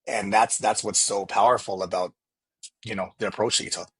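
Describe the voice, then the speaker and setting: A man's voice: fairly low pitch, steady tone, brisk, fairly bright tone, breathy edge. A man talking earnestly as a podcast guest, often restarting and repeating words. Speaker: real estate agent, podcast guest. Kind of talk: casual interview chat.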